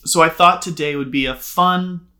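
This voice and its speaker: Bright, high-voiced joking man. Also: moderate pace. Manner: playful, jokey banter. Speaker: podcast co-host. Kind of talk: casual chat.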